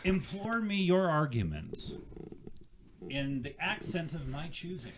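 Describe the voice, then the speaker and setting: A man hosting a comedy debate show, teasing his guests and laughing through quick asides. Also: fairly high pitch, sing-song, crowd noise. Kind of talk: playful live-stream banter.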